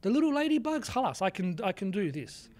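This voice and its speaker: Lively high-voiced young man. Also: fairly quick. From Australia. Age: 20s. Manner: animated storytelling, sprinkles Arabic words. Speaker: guest. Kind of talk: casual interview chat.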